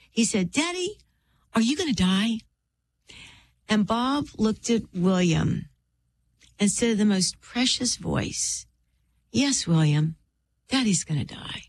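A middle-aged woman, an author and interview guest, tells a personal faith story in an earnest, heartfelt way with drawn-out pauses and a preacherly lilt. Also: mid-range voice, a little hiss or hum.

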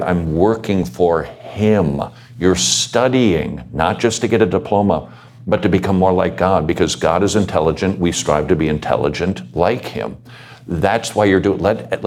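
A man's voice: low-pitched, a little mellow. A man giving earnest pastoral advice to students, asking his listeners questions and telling his own story. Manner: earnest, exhorting, asks the audience questions. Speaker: panel speaker.

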